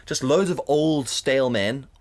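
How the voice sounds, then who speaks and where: A young man co-hosting a casual podcast chat, animated and sweary. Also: mid-range voice, measured pace. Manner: animated, sweary, bursts into mock shouting. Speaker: podcast co-host.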